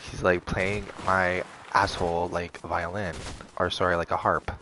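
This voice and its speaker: A young man casually telling a story to the camera, animated, quoting others in a raised voice, with laughs and swearing. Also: low voice, a little slow, a little hiss or hum. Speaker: vlogger.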